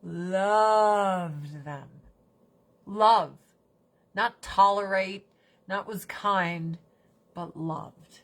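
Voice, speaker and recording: A woman hosting a casual livestream chat, animated and fond of swearing, slipping into mocking put-on voices. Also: medium pitch. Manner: swears casually, talks fast then drags words out. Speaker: livestream host.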